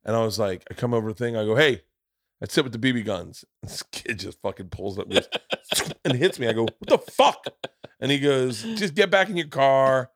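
Profane storytelling podcast host, dry sound. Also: male voice, on the low side, fairly quick, no room sound. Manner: profane, animated storyteller who acts out voices. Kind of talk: casual storytelling chat.

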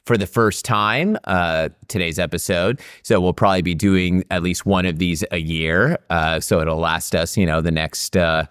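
A man's voice: low-pitched, moderate pace, hardly any pauses, fairly bright tone, clear, resonant tone, no room sound, clean studio sound. A man co-hosting a podcast, upbeat and chatty with plenty of fillers. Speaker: podcast co-host. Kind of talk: casual podcast chat.

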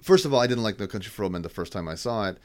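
A man co-hosting a podcast, chatting casually about films, animated and prone to swearing and trailing off. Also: fairly low pitch, very fast. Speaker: podcast co-host. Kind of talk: casual film chat.

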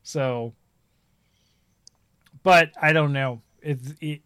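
A man chatting casually about games, rambling and animated as he tells stories. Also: on the high side, extremely slow, clean tone, dry recording, clean studio sound. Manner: rambling, animated storytelling with laughs.

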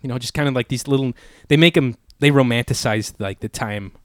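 A man's voice: mid-range voice, a little fast, no echo, clean studio sound. A man co-hosting a podcast in casual chat, rambling and swearing, with "like" in nearly every line. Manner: rambling, swears a lot, says "like" constantly. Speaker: podcast co-host.

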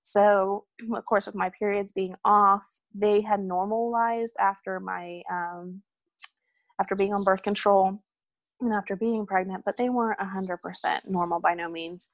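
A woman's voice: mid-range voice, steady tone, measured pace, no room sound. A young woman telling a personal story in a candid, rambling way, with many ums and asides. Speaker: hospital supervisor sharing a personal story.

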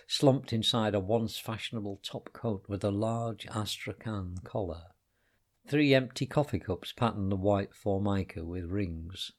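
Low-voiced man reading a story. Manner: calm, measured narration. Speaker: narrator.

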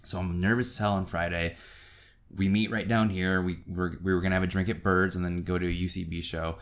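A middle-aged man co-hosting a podcast, telling a story in a casual way and acting out quotes with sudden high-pitched jumps. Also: level tone, brisk. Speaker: podcast co-host.

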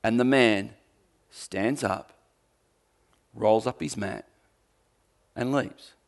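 A man's voice: fairly low pitch, extremely slow, gravelly. Emphatic man preaching a sermon. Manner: emphatic, rising to forceful peaks then dropping quiet; conversational with dry humour. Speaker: pastor.

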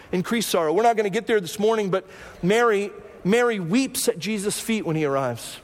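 A man's voice: sits high, big-room sound. A male pastor preaching a sermon, repeating phrases and tossing in "right?" asides.

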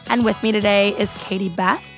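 A woman's voice: mid-range voice, fairly even intonation, fairly quick, soft background music. Upbeat woman hosting a radio show. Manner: upbeat, laughs often. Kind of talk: casual radio chat. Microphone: studio microphone.

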